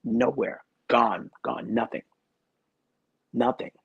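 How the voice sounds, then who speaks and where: Husky-voiced man telling an earnest story. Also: mid-range voice, level tone, slow pace, dry recording, lo-fi sound. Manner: rambling, repeats phrases, earnest and intense. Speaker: guest. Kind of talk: telling a personal story in a talk-show interview.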